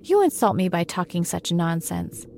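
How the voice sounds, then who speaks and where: A woman's voice: fairly low pitch, very animated, normal speed, gravelly, dark tone, slight background noise, pitched below the performer's own voice. A woman voicing a proud, easily offended male mouse who speaks severely and sharply.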